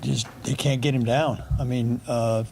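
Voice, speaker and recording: A middle-aged man coaching football speaks to the press with a gravelly edge. He is blunt and dry and answers with a sarcastic streak. Faint background noise hangs under his voice. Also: mid-range voice, fairly even intonation, unhurried, darkish tone. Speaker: football offensive coordinator.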